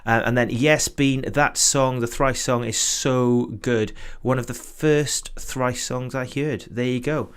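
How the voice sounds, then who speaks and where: A British man at a middle pitch hosting a relaxed livestream launch party over a video call. He chats easily, reads viewer comments aloud and laughs a lot between remarks. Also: slow pace, hardly any pauses, smooth. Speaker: host. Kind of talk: casual chat on a livestream.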